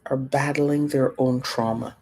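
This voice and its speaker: A woman's voice: very deep voice, fairly even intonation, unhurried, dark tone, husky. A middle-aged woman from Africa teaching a class, telling a personal story and acting out the voices of the people in it. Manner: storytelling, acts out quoted voices.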